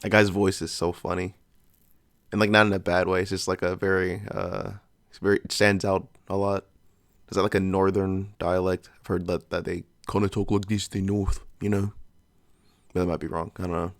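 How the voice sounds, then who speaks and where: American man, very deep voice, casual reaction chat, blunt, swears, curious questions, dry sound. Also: flat delivery, moderate pace, gravelly, no room sound. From United States. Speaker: reaction video host.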